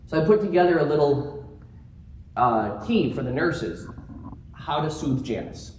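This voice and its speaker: A man giving a keynote talk to a live audience, telling stories in an animated way and joking along the way. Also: a little high, a little slow, a little hiss or hum. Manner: animated storytelling with jokes. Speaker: keynote speaker. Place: conference room. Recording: roomy conference room sound.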